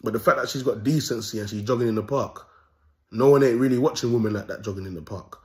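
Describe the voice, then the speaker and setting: A young London man hosts his own video at a fast clip, his voice sitting at medium pitch. He rants through comic commentary, swearing freely and laughing at his own jokes.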